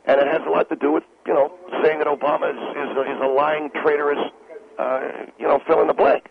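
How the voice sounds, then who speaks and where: A man's voice: a little high, level tone, fast, gravelly, a crowd in the background. A man on a talk radio show, mocking and interrupting callers in combative banter. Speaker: in-studio guest. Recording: phone-like narrow band.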